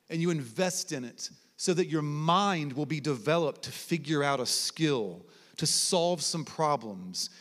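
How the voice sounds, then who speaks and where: A man preaches with a slightly raised voice and tells his stories in an animated, conversational way. Now and then he drops to quiet, low tones for emphasis. His voice carries a long reverb through a large hall. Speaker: guest preacher. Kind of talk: sermon with personal stories. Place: large hall at a college ministry gathering.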